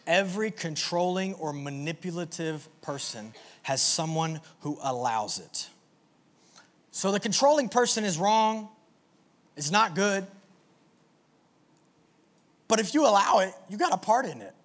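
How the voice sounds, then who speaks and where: A man preaching a sermon to a live audience in an animated, energetic way, with call-and-response. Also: a little high. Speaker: pastor.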